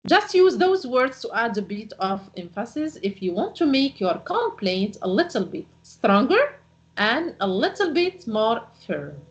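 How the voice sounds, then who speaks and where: A woman teaching an English lesson, explaining phrases slowly and reading out example sentences. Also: on the high side, sing-song, dull audio. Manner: slow, careful delivery with example phrases read out. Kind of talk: recorded language lesson.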